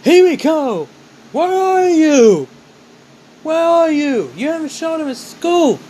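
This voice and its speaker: A man's voice: on the high side, animated, takes it slowly, a little hiss or hum, pitched above the performer's own voice. A man voicing a hot-tempered teenage boy hero who swears bluntly. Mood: shouting.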